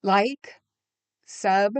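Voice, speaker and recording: A woman's voice: mid-range voice, drawn-out words, clean tone, no room sound. A woman live streamer chatting casually with her viewers in a rambling way, laughing often and reacting to the chat.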